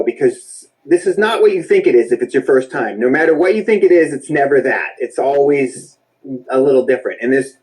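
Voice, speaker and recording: A man's voice: on the high side, a little mellow, poor audio. A man leading a breathwork class, giving casual spoken instructions in a reassuring, chatty way with the odd swear word.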